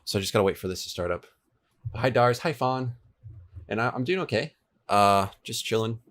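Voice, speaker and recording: Medium-pitched and a bit bright, this man's voice moves at a normal speed, with a little hiss or hum in the recording. He's in his twenties, casually streaming while he codes a game server at home, chatting with viewers in a relaxed way as the air conditioner runs and he swaps between two desk mics.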